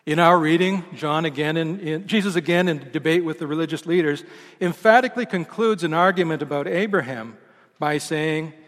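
A man preaching a sermon as pastor, with a measured, emphatic delivery whose lines fall away at the ends. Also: a little high, fairly bright tone. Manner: measured, emphatic delivery with falling line endings. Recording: long reverb of a large church hall.

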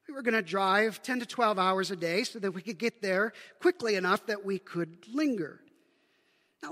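A Canadian man preaches in a high, bright voice, talking easily and posing rhetorical questions to his listeners. His words ring out with a long reverb through a church sanctuary. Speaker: pastor. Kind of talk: sermon.

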